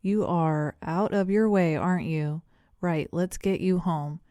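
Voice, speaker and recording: Woman doing a breezy, affable English gentleman. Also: fairly low pitch, measured pace, no room sound, natural voice. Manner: breezy, polite, rambling with ums. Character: affable, chatty middle-aged English gentleman.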